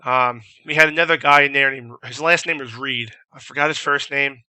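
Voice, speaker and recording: A young man casually telling a profane, animated story and mimicking shouted orders as a vlogger. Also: medium pitch, brisk, smooth, no echo. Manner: profane, animated, imitates drill instructors shouting.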